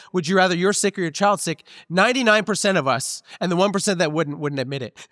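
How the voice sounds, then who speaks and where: In a church sanctuary, a pastor with a fairly high, slightly bright voice delivers a relaxed, conversational sermon sprinkled with personal stories. He is close to the mic, with a long hall reverb trailing after his words.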